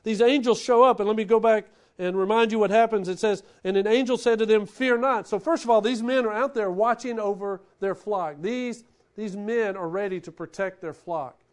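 A man preaching a sermon, who swings between loud, animated bursts and hushed, quiet lines. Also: high voice, moderate pace, hardly any pauses. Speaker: pastor.

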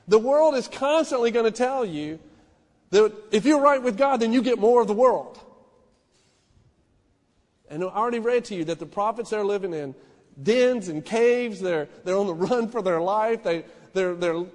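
A man preaching a sermon in a small church, impassioned, swinging from hushed to loud. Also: high-pitched, expressive, moderate pace, big-room sound. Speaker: pastor.

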